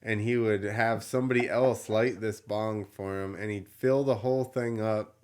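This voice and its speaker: A man hosting a podcast, telling a story in a casual, animated way, with swearing and laughter. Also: fairly low pitch, moderate pace, clear, resonant tone. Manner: animated, profane, laughs while telling stories. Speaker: podcast host.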